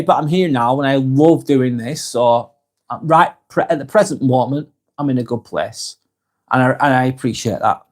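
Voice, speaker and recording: A man in his forties with a Lancashire accent, hosting a casual live vlog and reading viewer comments aloud, chatty and friendly, often restarting and correcting himself. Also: mid-range voice. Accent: Lancashire English. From England. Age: 40s.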